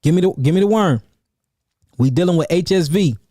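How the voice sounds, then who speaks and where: Male host, fairly high voice, dry close sound, animated live Q&A delivery with lots of repetition. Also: a little fast, dry recording. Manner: animated, calls out chat names and repeats himself for emphasis. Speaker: herbalist host answering viewer questions. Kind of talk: livestream Q&A, casual and preachy.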